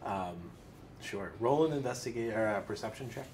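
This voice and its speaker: A man's voice: medium pitch, moderate pace, darkish tone, slight background noise, rough recording. A man running a tabletop game as dungeon master, talking casually with many fillers and restarts. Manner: casual, hesitant, lots of filler words.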